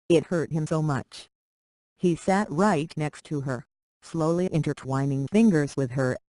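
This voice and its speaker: A reader narrating a short romance story aloud in a plain, steady way. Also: medium pitch, dry recording, low-quality recording.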